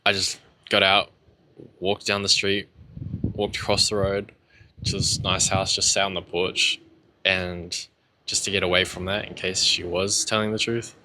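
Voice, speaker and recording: A man's voice: deep voice, flat delivery, a little slow, noisy background. A young man telling his own story in a casual, rambling way, candid, with lots of fillers and swearing.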